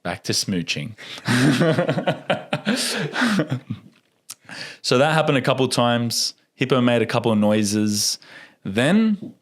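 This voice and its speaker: A young man chatting as a guest on a podcast. He tells a story with energy, breaks into laughs often and acts out the lines of the people in it. His pitch sits in the middle range for a man. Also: sing-song, takes it slowly, long pauses. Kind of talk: casual storytelling.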